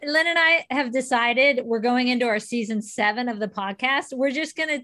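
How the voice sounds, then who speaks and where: A woman's voice: on the high side, normal speed, pushed and bright. A woman hosting a podcast, chatting casually and teasing her guest playfully. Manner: playful, teasing, laughs a lot. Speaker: podcast host.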